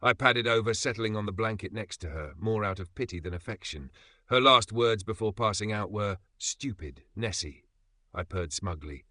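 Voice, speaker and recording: A man narrating a storybook tale in the voice of a sarcastic cat, dry and deadpan. His voice sits fairly low yet sounds bright and sharp. The recording is close and dry with no room sound. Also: normal speed, no echo.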